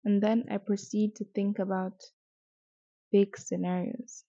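Soft, flat-voiced young Nigerian-born woman. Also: medium pitch, measured pace, no echo. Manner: soft-spoken, hesitant, with restarts. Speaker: podcast host. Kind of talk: personal reflective monologue. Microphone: distance varies, mic briefly out of reach. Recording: dull, muffled home recording.

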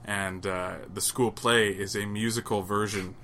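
Homem falando de forma animada, voz brilhante. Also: male voice, on the low side, fairly even intonation, measured pace, sharp tone, slight background noise. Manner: rambling, swears casually, playful. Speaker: podcast co-host. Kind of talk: casual chat.

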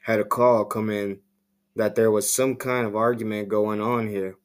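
Calm male cop, read by a man in his own voice, steady and by the book. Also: fairly low pitch, normal speed, clear, resonant tone, natural voice. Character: calm male police officer.

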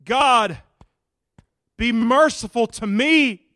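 Ashamed guy pleading for mercy, man acting it out, high voice, dry. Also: pushed and bright, dry recording, full character voice. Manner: pleading, slow.

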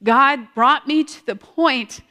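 A woman sharing a personal testimony in a large hall, earnest and halting, often repeating her words. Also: sits high, bright, forceful tone. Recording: long hall reverb.

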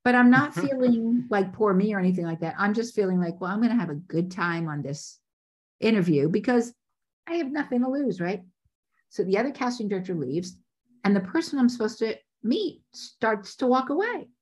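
A woman casting director telling stories in a podcast interview, lively and acting out the voices of people she quotes. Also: mid-range voice, normal speed. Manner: animated, acts out quoted voices.

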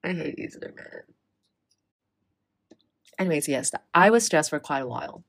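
Low-voiced young woman telling a rant. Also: normal speed, gravelly. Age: young adult. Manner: animated, swearing, acts out quoted exchanges. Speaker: storyteller in casual chat. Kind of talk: casual chat.

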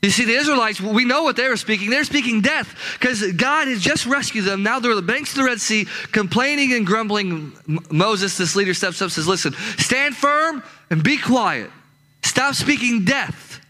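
A man's voice: high-pitched, brisk, few pauses, pushed and bright, low-quality recording. A man preaching a sermon as pastor to his congregation, emphatic and repetitive, circling back on his key phrases. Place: church with a live congregation.

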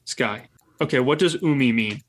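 Man hosting a halting podcast quiz. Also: mid-range voice. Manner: reads multiple-choice questions haltingly, with ums. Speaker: quiz host running the game.

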